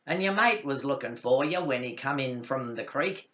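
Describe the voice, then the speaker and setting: A man voicing a rowdy male country pub drinker who is loud and blunt and swears casually. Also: mid-range voice, expressive, normal speed, muffled recording. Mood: ribbing.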